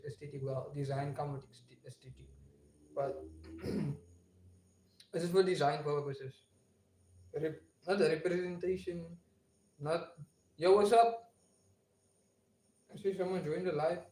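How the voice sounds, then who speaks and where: A man's voice: on the high side, dark tone, echoey room. Young man rambling on a livestream. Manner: loose, rambling slang talk with many fillers. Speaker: livestream host. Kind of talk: casual livestream chat. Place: home, alone. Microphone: phone.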